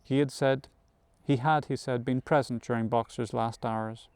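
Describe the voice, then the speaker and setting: A man reads a classic novel aloud in a measured storytelling manner, sometimes correcting a slip. His voice sits at a middle pitch and sounds smooth and resonant. The recording is close and dry. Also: steady tone, darkish tone, no room sound. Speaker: audiobook reader. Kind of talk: scripted narration of a novel.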